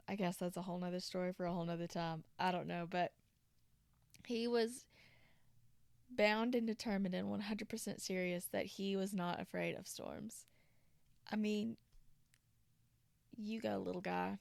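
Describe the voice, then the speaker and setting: A woman from Tennessee tells a story on her podcast in a casual, chatty way, full of asides. Her voice has a gravelly, fry-touched texture at a mid pitch. The recording is dry and close, with no room sound. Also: steady tone, normal speed, no echo. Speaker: podcast host. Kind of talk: casual chat retelling a story.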